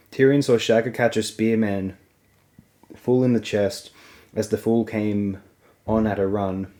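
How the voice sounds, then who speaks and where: A man reading a fantasy novel aloud as an audiobook, in a steady, even storytelling manner. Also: lowish voice. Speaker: audiobook reader.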